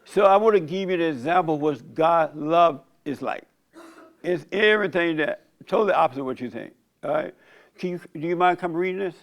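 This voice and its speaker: A man's voice: a little high, brisk. An older man hosting a church discussion, talking in a folksy, joking way and laughing often. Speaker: host leading a church discussion. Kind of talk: casual preaching talk.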